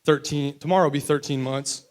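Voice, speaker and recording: A man's voice: on the high side, fairly even intonation, brisk, noisy background. A young man from West Virginia telling his personal recovery testimony in a candid, rambling way full of fillers. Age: young adult. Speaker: testimony speaker.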